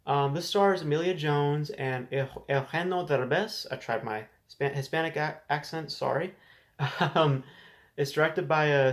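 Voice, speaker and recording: A man's voice: mid-range voice, gravelly. A man hosting a casual solo movie news show, sharing frank opinions in a conversational way, often restarting and repeating words. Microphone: desk camera setup.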